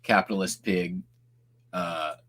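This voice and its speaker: Rambling lower-voiced male stream host. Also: fairly even intonation, slow, a bit bright. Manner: rambling, self-interrupting, laughs often. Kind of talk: casual live-stream chat.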